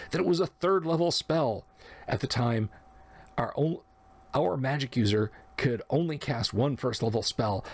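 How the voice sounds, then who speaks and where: A man's voice: mid-range voice, breathy edge. A man narrating a personal memory of his first tabletop game, acting out the quoted lines in between. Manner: reflective, acts out quoted lines. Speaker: podcast narrator. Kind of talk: storytelling memoir.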